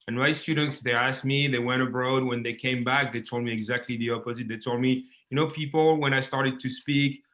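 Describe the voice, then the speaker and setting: Man, measured explanations. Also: mid-range voice, fairly bright tone. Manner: measured, explanatory, with frequent restarts. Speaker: French professor. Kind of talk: panel discussion remarks.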